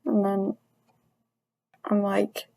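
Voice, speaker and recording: A woman's voice: mid-range voice, monotone, vocal fry, dark tone, dry recording, low-quality recording. A woman in a mid-range voice rants to camera about something that upsets her. She sounds frustrated and earnest, often stopping and restarting her sentences. The recording is dry and close, with no room sound. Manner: frustrated, venting, halting restarts. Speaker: vlogger. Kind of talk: personal rant to camera.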